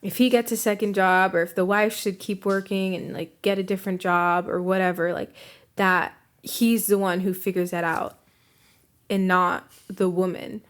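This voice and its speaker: A young woman co-hosting a podcast in casual chat, calm and thoughtful as she puts questions and reads out comments. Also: medium pitch, normal speed. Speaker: podcast co-host.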